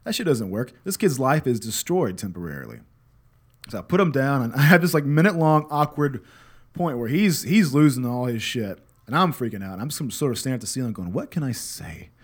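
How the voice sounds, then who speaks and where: A man's voice: medium pitch, very animated, fairly quick, breathy edge. Candid, profane man telling a story. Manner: candid, profane, reflective, self-deprecating. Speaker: podcast host and father. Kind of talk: casual storytelling monologue.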